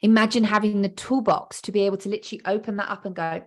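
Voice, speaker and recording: Brief: woman, podcast coach, lively, emphatic, acts out voices. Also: medium pitch, fast. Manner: animated, acts out inner voices, emphatic repetition. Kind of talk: podcast monologue.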